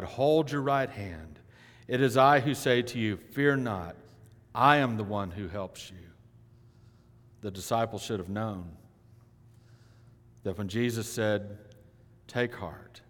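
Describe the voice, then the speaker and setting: A male pastor delivering a sermon, swinging between loud emphatic lines and hushed, quiet ones. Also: lowish voice. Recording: long hall reverb.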